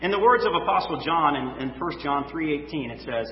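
A man's voice: on the high side, lively intonation, brisk, hardly any pauses. A male pastor preaching a sermon, reading scripture and then talking loosely to his congregation. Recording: echoey hall, dull sound, faint noise.

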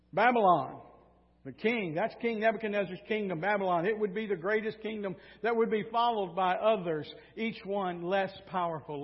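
A male pastor preaching a sermon, retelling a story in a lively way with sarcastic asides. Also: sits high. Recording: dull sound in a reverberant hall.

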